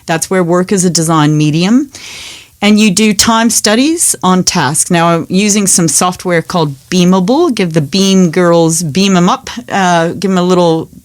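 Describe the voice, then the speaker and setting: A woman with a slightly low voice co-hosts a casual podcast and explains ideas at length. Her delivery is animated and chatty, and she keeps tossing in "right?" to pull her co-hosts along. She sounds close to a studio mic. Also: a little slow. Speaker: podcast co-host, work design consultant.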